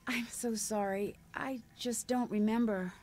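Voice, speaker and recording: A woman's voice: on the high side, fairly even intonation, unhurried, a little mellow, slight background noise, close to an everyday voice. An actress voicing a curious young female detective who asks polite, earnest questions in a mystery game.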